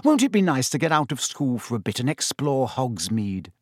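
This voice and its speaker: A man reading an audiobook and voicing a keen, bookish schoolgirl who is eager and quick to scold. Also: medium pitch, big pitch swings, no echo, studio quality. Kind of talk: audiobook character voice.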